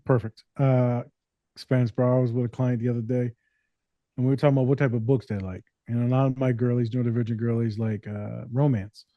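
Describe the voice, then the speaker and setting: A therapist and podcast co-host telling stories in casual, profane, joking chat. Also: male voice, mid-range voice, little pitch movement, fairly quick, no room sound, lo-fi sound.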